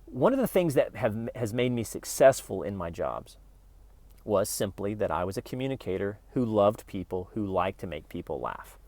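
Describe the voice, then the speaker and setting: A man's voice: lowish voice, big pitch swings, normal speed, a little mellow, dry recording. A middle-aged man hosting his own channel, giving a casual, joking spiritual self-help talk that often restarts mid-sentence. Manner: conversational and joking, with frequent restarts. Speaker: YouTube channel host.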